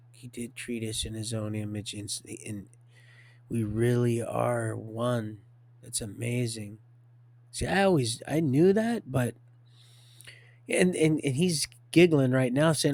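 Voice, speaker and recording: A man hosting a livestream, rambling through a religious monologue, swinging from hushed to loud and laughing often. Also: medium pitch, gravelly. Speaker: livestream host.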